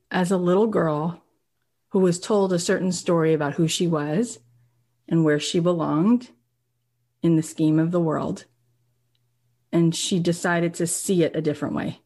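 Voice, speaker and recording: Female host-coach, low voice, emotional and effusive, motivational talk full of casual fillers. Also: darkish tone, breathy edge. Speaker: business coach and podcast host.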